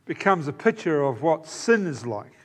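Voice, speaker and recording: A man's voice: on the high side, sing-song, moderate pace. A man preaching a sermon in an earnest, emphatic way, often repeating key phrases. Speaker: pastor.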